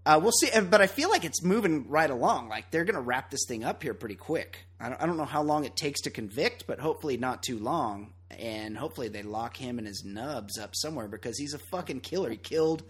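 A podcast host chats casually and rants bluntly, swearing plenty and voicing strong opinions. His mid-range voice is animated, slightly bright and a bit breathy, moving fairly quickly with hardly any pauses.

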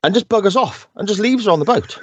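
A man co-hosting a podcast, chatting casually and acting out quotes in exaggerated high voices. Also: lively intonation, quick pace, husky, no room sound, muffled recording. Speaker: podcast co-host. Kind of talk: casual chat.

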